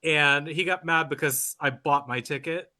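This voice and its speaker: A man tells a story on a live video call, his voice bright and edged and sitting a little high for a man. He talks casually and acts out other people's lines with lots of laughter. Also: normal speed. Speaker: cousin of the musician, group guest.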